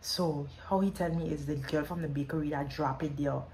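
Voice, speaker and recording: A woman's voice: low-pitched, fairly even intonation, a little fast, a little mellow, slight background noise. A woman telling an emotional story in her vlog. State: pregnant. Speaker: vlogger.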